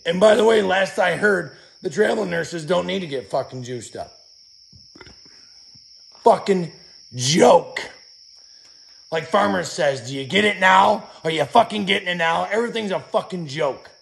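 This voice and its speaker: A man rants bitterly outdoors in a profane, shouting monologue, his voice hoarse from yelling. His voice sits high for a man and is deeply gravelly. His frustration drives every line. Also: measured pace, long pauses. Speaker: channel host. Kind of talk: angry venting monologue.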